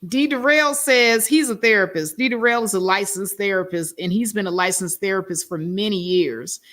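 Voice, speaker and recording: A woman's voice: mid-range voice, normal speed, a bit bright. A woman hosting a livestream, reacting with incredulous questions. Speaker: host. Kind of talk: livestream commentary.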